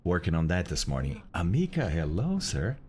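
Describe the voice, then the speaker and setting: Deep-voiced Brazilian man greeting his stream. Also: wildly swooping pitch, normal speed, slight background noise. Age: middle-aged. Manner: greets chat members one by one, hushed at times to keep quiet. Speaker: streamer host. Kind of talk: casual live-stream chat.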